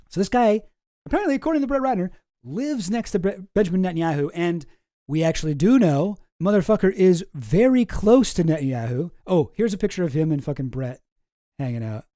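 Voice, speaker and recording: A man's voice: sits high, warm tone, no echo, studio quality. A man hosting a commentary channel, talking in a casual, rambling, sarcastic way and swearing often.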